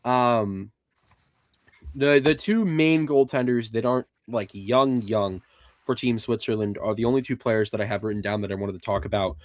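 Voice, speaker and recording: A young man co-hosting a sports podcast in casual chat, running through rosters in an even, methodical way. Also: mid-range voice, moderate pace, no room sound. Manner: lists players in an even, methodical way. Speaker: podcast co-host.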